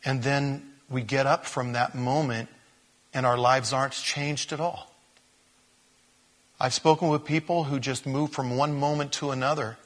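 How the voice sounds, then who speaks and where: A pastor preaching an expository sermon, animated, with sudden loud rises to stress words. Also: male voice, medium pitch, unhurried. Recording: long reverb of a large hall.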